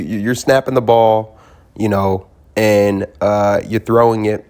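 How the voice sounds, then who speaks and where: A young man casually telling a rambling, profane story as a podcast host, often laughing and circling back on himself. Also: lowish voice.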